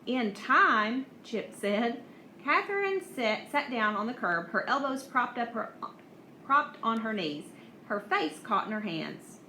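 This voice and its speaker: Woman audiobook reader, bright high voice, echoey room, faint hiss. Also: measured pace. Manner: even, with small slips and restarts. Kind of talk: reading a novel aloud.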